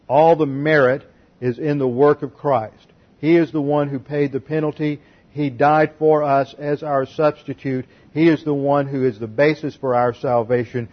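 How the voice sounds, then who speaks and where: A man preaching a methodical expository sermon, working through Greek grammar point by point. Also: fairly high pitch. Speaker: pastor. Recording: dull lo-fi sermon recording.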